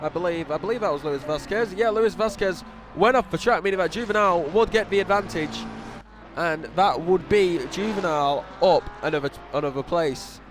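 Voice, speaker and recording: A young man with a high voice calls a sim race live in a loose, casual way, restarting sentences and poking fun at himself. A faint hum sits behind him. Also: fairly quick. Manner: casual, self-deprecating, with restarts and exclamations. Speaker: race commentator. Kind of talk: sim racing commentary.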